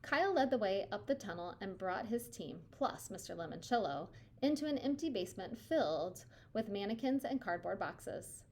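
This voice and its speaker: A woman reading a children's novel aloud with an expressive, steady delivery. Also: medium pitch, moderate pace, hardly any pauses, a little hiss or hum. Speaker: reader.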